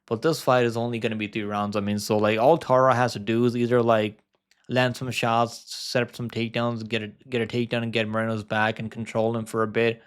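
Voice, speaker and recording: Smooth-voiced man rambling through fight picks. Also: medium pitch, little pitch movement, fairly quick. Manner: rambling, filler-heavy, frequent restarts. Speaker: MMA predictions host. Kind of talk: casual fight-pick commentary.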